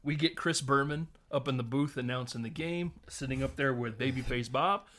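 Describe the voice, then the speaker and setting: A man in his thirties with a mid-pitched voice, hosting a relaxed film podcast. He retells movie scenes with animated energy, laughing often and swearing casually. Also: moderate pace. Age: 30s. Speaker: podcast host. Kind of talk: casual film recap chat.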